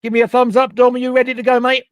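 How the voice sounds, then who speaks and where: A man hosting a casual football chat stream over a video call, chatty and excitable, with lots of stumbling restarts. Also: very high-pitched, very fast, no room sound. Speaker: host. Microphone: home computer mic on a video call.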